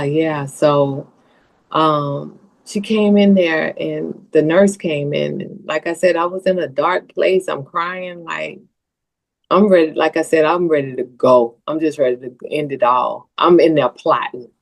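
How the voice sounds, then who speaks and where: A woman's voice: sits low, a little slow, vocal fry. A woman guest on a podcast, telling a personal story in an earnest way that turns tearful at times. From Southern US.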